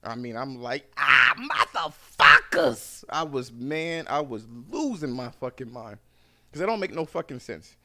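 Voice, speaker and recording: A man hosting a podcast, telling animated stories in casual, profane chat. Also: mid-range voice, moderate pace. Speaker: podcast host.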